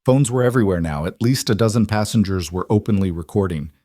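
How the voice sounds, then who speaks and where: A man reading a scripted dramatic story in a measured, even delivery. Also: lowish voice, no echo, clean studio sound.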